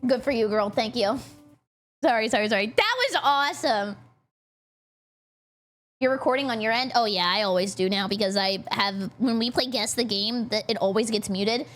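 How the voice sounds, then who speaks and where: High-pitched young woman streaming, giggly and rambly, bit of soft music behind. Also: moderate pace. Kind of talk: casual stream chat. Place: home streaming setup.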